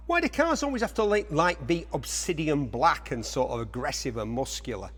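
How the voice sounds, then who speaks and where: A man's voice: on the high side, big pitch swings, normal speed, fairly bright tone, slightly rough. A man presenting cars for an auction in a chatty commentary style, full of jokey asides to himself. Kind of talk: chatty car walkaround commentary. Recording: echoey large hall.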